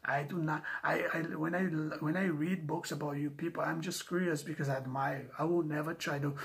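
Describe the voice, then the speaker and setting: A man delivering an angry, profane monologue, halting often and restarting his sentences. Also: on the high side, steady tone, vocal fry, fairly bright tone. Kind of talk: ranting monologue.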